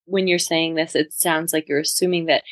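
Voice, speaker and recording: A mother thinks aloud and asks questions in casual conversation. Her voice sits fairly low. The recording is dry, with no room sound. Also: level tone, normal speed, no room sound. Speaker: podcast guest, mother.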